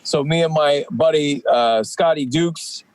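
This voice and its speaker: Podcast guest: energetic rambling man in his forties, fairly high voice, dry close sound. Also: measured pace, no room sound. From Canadian East Coast. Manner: rambling, energetic, many fillers. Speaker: guest, professional wrestler. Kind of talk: casual podcast chat.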